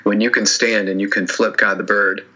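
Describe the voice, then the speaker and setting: Earnest teary man, bright dull-sounding audio. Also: on the low side, level tone. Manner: earnest, halting, many restarts and "you know". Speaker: podcast guest, author. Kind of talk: emotional personal interview.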